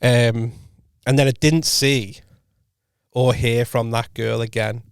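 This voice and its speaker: A man's voice: mid-range voice, flat delivery, takes it slowly, clean tone, no room sound. Man rambling through an anecdote, dry mic. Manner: rambling anecdote, frequent self-corrections and quoted dialogue. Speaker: podcast co-host and comedian. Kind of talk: casual storytelling chat. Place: podcast studio.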